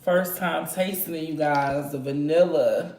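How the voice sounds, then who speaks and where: A woman vlogging a mukbang, chatting casually between bites and humming contentedly as she eats. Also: low-pitched. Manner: slow, relaxed talk between bites, lots of contented hums. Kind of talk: casual eating vlog. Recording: echoey room, faint background noise.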